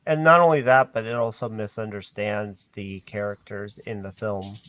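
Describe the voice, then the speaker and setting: A man's voice: fairly low pitch, steady tone, moderate pace, a bit bright. A man hosting a casual discussion on a call, hesitant and full of ums and restarts. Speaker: host.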